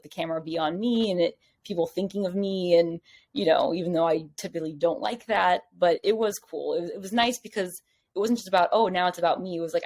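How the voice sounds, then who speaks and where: A woman as a podcast guest, telling a story in casual chat, rambling and animated, full of "like" and acted-out quotes. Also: fairly low pitch.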